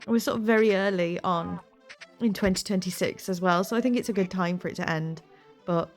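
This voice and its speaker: A woman's voice: on the low side, fairly even intonation, brisk, soft background music. A woman hosting a game playthrough, chatting casually, often laughing and close to tears. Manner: chatty, giggly, flustered. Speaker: gaming channel host.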